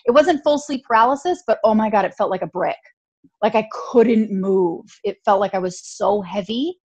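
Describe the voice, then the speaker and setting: A woman guest on a podcast, telling a personal story in a lively, chatty way, full of "like" and quick laughs. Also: on the high side, lo-fi sound.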